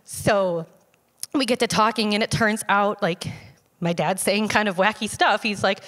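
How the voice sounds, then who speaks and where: A woman telling a personal testimony to a church congregation in a conversational, halting way, with frequent fillers and restarts. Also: medium pitch, expressive, a bit bright. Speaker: church member giving a testimony. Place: church sanctuary. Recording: long hall reverb.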